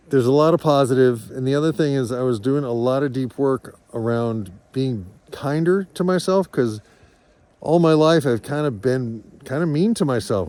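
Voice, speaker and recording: Man, mid-pitched, farm vlogger; candid, meandering, sincere storytelling to camera. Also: a little mellow. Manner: rambling, earnest, reflective. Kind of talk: candid personal vlog.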